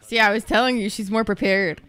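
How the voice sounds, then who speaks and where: A young woman from Egypt reacting to an anime episode, excitable and gushing and swearing freely. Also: mid-range voice, brisk, soft background music. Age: young adult. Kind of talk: casual reaction commentary.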